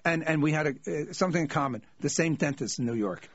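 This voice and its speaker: Husky-voiced man telling animated stories. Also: a little high, fast talker, no room sound, highs cut off. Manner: animated, acts out the people in his stories. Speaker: comedian. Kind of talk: anecdotal storytelling.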